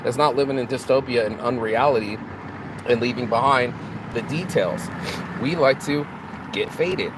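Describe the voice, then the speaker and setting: A man's voice: mid-range voice, normal speed. Preachy man musing outdoors by traffic. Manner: preachy, rhetorical questions, repeats and restarts words. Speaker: motivational vlogger. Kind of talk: unscripted motivational monologue.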